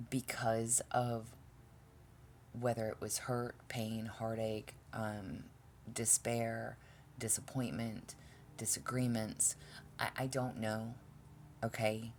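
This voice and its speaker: A woman with a very deep, low voice gives a casual tarot reading straight to camera. She talks bluntly and with exasperation, swears freely, and trips over her own sentences. A faint hiss sits under the recording. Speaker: tarot reader.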